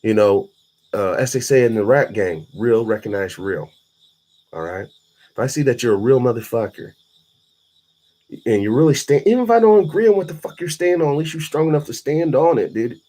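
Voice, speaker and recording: Husky, profane man preaching late at night. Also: medium pitch, lively intonation, fairly quick, mellow. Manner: blunt, profane, preachy street talk. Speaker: livestreaming vlogger. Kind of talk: late-night monologue to live chat.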